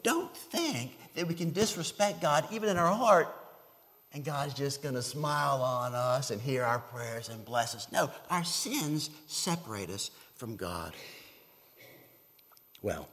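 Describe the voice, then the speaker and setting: A man's voice: medium pitch, lively intonation, measured pace, a bit bright, in a large hall. A man preaching a sermon as pastor, earnest and emphatic, often repeating words as he restarts.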